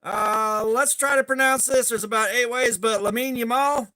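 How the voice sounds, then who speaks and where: A man's voice: extremely high pitch, steady tone, moderate pace, pushed and bright. A man hosting a knife-testing livestream, casually greeting viewers and joking around. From USA. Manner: laid-back, greets chat viewers by name, joking.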